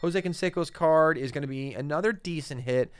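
Male co-host, casual and chatty, smooth clear voice, dry close mic. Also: a little high, fairly quick, no room sound. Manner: easygoing, lots of fillers, names cards aloud. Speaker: co-host opening card packs. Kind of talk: casual chat.

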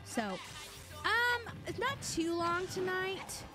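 A woman's voice: very high voice, big pitch swings, extremely slow, over loud music. A young woman streaming a game, chatting casually and greeting viewers by name. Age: young adult. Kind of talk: casual live-stream chat while gaming.

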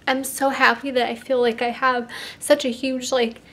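A young woman talking to her subscribers in a vlog, crying and sniffling, halting and restarting with lots of "like". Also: sits high, level tone, a bit bright. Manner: tearful, heavy use of "like", halting restarts. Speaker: YouTuber.

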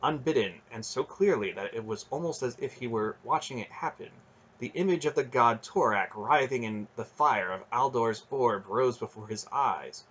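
Husky male fantasy audiobook narrator. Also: mid-range voice, moderate pace, dull audio. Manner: steady storytelling narration. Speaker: audiobook reader.

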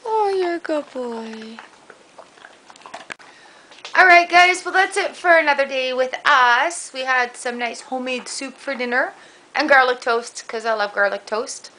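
Woman chatting for her vlog, kinda high voice, playful, talks baby talk to the dog. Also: normal speed, pushed and bright, low-quality recording. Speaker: vlogger. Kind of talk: casual vlog chat. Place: garden outdoors.

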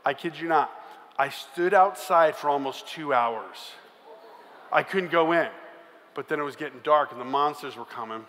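A man's voice: on the high side, moderate pace, fairly bright tone. A man telling a comic story to a youth conference crowd, acting out voices and sound effects. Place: large conference hall. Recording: live hall with long reverb, faint room noise.

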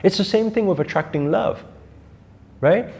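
A man's voice: high voice, normal speed, vocal fry, a little mellow. A man spiritual teacher giving an emphatic motivational talk, asking his audience questions and repeating key phrases.

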